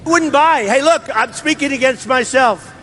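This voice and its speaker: A man's voice: very high-pitched, moderate pace, a bit bright, slight background noise. A man voicing a sassy, campy male politician in a parody voiceover of a real speech, with a flouncy sing-song delivery.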